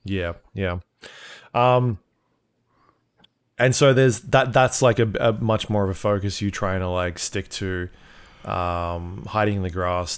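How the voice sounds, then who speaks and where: A man with a fairly low voice chats casually as a podcast co-host. He rambles, leans heavily on fillers and swears without a second thought. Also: clean tone. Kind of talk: casual chat about video games.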